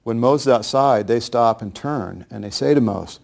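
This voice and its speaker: A man telling a true story to listeners in a grave, measured way. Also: medium pitch, creaky, a little mellow. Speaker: speaker recounting history. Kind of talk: storytelling lecture.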